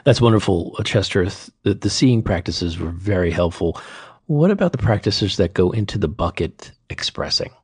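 A man hosting an interview, speaking in a measured, formal way and reading prepared introductions and questions. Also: low voice, lively intonation, husky, no echo. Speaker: host.

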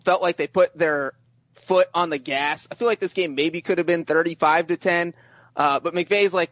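A man co-hosting a podcast, chatting in an animated way and often repeating his first words. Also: sits high, normal speed, no echo, lo-fi sound. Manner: animated, repeats words when starting sentences. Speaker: podcast co-host. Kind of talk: casual sports chat.

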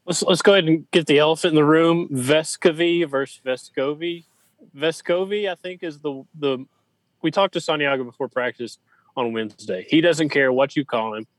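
A man's voice: a little high, fairly quick, no room sound, rough recording. Emphatic man co-hosting a sports show. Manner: emphatic, listing points in rhythmic repetition. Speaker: sports podcast co-host. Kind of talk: casual sports talk.

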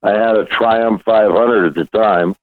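A man's voice: fairly low pitch, steady tone, measured pace, no echo. An older man, a guest actor, telling rambling anecdotes in a casual interview, with restarts and chuckles. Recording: dry thin phone-like line.

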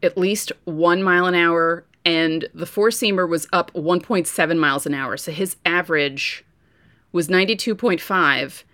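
A woman co-hosting a casual sports podcast, telling stories with lively asides. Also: fairly low pitch, moderate pace, no echo. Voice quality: voice prone to going hoarse. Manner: chatty storyteller, lively asides. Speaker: podcast co-host.

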